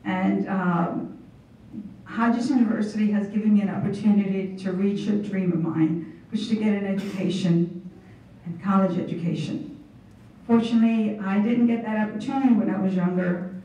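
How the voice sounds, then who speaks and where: A mellow, medium-pitched woman's voice with fairly even intonation and a normal pace belongs to a student honoree in her thirties. She gives an emotional, heartfelt, unscripted thank-you, heard from a distance in a dull, echoey hall.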